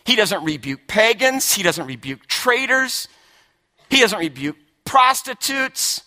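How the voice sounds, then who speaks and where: A man preaching a sermon with emphasis, often repeating words and swinging from hushed lines to shouted ones. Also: high-pitched, sing-song, a little slow. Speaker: pastor.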